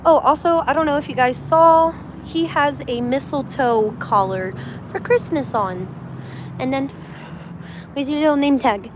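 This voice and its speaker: Young woman, chatty livestream host, a bit high-pitched, outdoors on a phone mic with faint background noise. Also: unhurried. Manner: chatty, talks baby talk to her dog. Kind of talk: casual livestream chat while walking a dog. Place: outdoors, walking around a residential complex.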